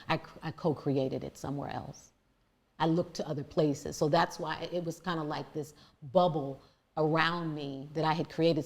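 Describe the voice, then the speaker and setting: A woman with a deep, low-set voice tells her story as a podcast guest. She talks earnestly and reflectively, often restarting mid-thought as she searches for words. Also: darkish tone.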